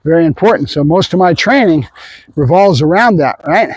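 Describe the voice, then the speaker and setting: A man training a puppy on camera, explaining his methods to viewers in a casual way and breaking into excited praise for the dog. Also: fairly high pitch, moderate pace, slightly rough, dry recording, low-quality recording. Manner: casual, addresses viewers as guys. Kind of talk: hands-on training demo with commentary to viewers. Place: outdoors at a training area.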